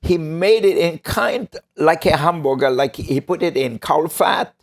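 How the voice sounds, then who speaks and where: Gravelly man with a raised pitch. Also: animated, a little slow. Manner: loose, colorful storytelling with laughs. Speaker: chef guest. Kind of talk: casual podcast chat.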